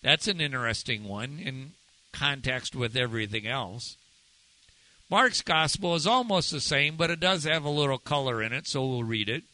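A man preaching a sermon as pastor, earnest and measured, slowing down to stress key phrases. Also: mid-range voice, lively intonation, bright, forceful tone, dry recording, low-quality recording.

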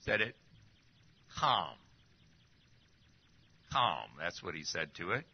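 Lively preacher man, dull lo-fi sound. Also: sits low, fast. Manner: lively, rhetorical questions, drops to near-whispers. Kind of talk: sermon. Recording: dull lo-fi recording.

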